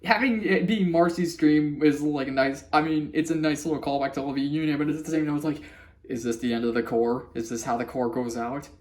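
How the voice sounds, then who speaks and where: A man's voice: fairly high pitch, steady tone, fairly quick, darkish tone. A man talks through a cartoon episode in a loose, casual recap. He rambles, circles back and restarts his sentences, laughing now and then as he goes. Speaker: vlogger reviewing a cartoon episode.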